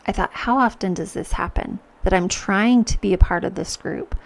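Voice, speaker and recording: A podcast host delivers an earnest, reflective personal monologue, restarting often as she acts out her own thoughts. She speaks at a normal speed in a gravelly, mid-range voice.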